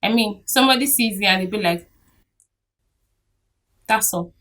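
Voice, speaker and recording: A young Nigerian woman chats to her camera, lively and quick to laugh. Her voice sits a little way off the mic. The pitch is middling for a woman. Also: distant mic. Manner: chatty, animated, laughs often. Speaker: vlogger. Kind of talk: casual talk to camera.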